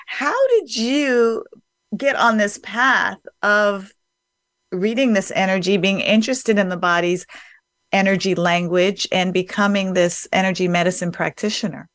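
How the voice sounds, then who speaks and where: A woman's voice: medium pitch, unhurried, fairly bright tone, dry recording, clean studio sound. A woman hosting an interview, chatty and emphatic as she asks questions and shares her view. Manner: chatty, emphatic, works with busy professionals. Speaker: host. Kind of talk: conversational interview.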